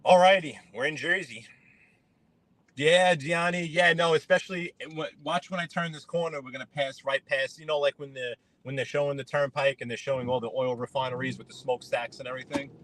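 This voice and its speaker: Recorded roughly with no room sound, a man from New York speaks in a slightly high, steady, fairly bright voice at a brisk pace. He's driving, casually chatting with live-stream viewers, greeting them by name and drifting between topics over road and traffic noise.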